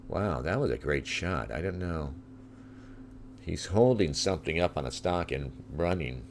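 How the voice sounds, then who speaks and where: A middle-aged man from Southern California comments on live feeds in a sardonic, crude way. His voice is extremely low and gravelly with vocal fry, and there is a clear hiss of noise under the stream. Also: animated, unhurried. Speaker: livestream host.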